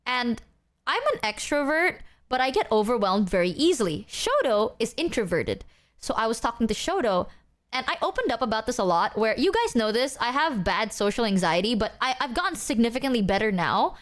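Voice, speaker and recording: A woman's voice: on the high side, big pitch swings, a little fast. A woman from Southeast Asia telling a story to her stream chat in a casual, chatty way, full of "like" and acted-out quotes. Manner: chatty, fillers of "like", acts out quotes.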